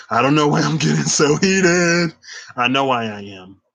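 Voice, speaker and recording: A man's voice: a little high, lively intonation, moderate pace, gravelly, a bit bright, rough recording. A man giving a spiritual tarot reading, emphatic and conversational, with casual slang. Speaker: tarot reader.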